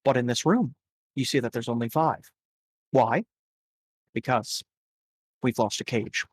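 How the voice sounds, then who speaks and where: A man voicing a calm gang boss who lays out a job in a measured, deliberate way during a tabletop game. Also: medium pitch, breathy edge, dry recording, voice pushed down. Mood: businesslike. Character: calm gang boss briefing a hired gun.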